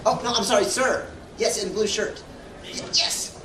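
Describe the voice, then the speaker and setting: A man who voices cartoons chats animatedly with a convention crowd, rambling and full of filler words. His fairly high voice carries from a distance through a big echoey hall. A steady background noise sits underneath. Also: moderate pace. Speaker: voice actor guest at a convention panel. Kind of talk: casual Q&A storytelling. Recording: echoey hall from far off with hum.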